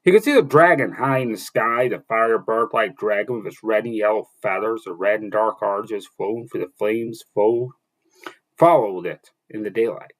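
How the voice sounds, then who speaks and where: A man reading a fantasy novel aloud as narrator, halting now and then with restarts and slips. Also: lowish voice, poor audio.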